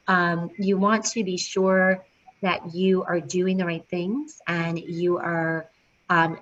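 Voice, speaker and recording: A woman's voice: lowish voice, a bit bright. A woman leading a prenatal yoga teacher training, talking in a chatty way with many fillers. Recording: dull lo-fi sound with faint noise.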